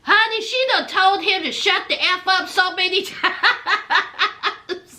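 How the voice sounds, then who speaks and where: Woman vlogger, sassy gossip recap, high bright voice, unhurried. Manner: sassy, dramatic, calls viewers honey and y'all.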